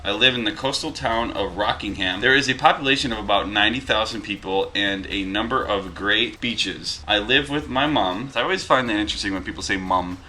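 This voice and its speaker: A man's voice: lowish voice, brisk, hardly any pauses, pushed and bright, a little hiss or hum. A man in his thirties from Western New York, chatting casually as he reads viewer mail aloud with asides, at home with his dogs. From Western New York, USA. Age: 30s. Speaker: vlogger reading viewer mail. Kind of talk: casual vlog. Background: dogs wrestling.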